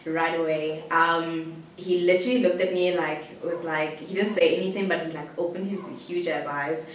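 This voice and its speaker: A woman's voice: fairly low pitch, steady tone, normal speed. A young woman from South Africa telling a personal story to camera, rambling and giggly, with many "like" fillers. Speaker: vlogger. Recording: roomy echo, distant mic, faint hiss.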